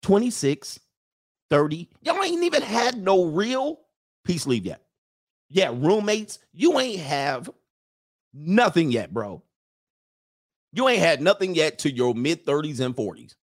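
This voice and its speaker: A man in his forties hosting a livestream, joking loudly in a slangy, animated way while reading chat. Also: a little high, slow pace, pauses often, dry recording, clean studio sound. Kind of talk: comedic livestream rant.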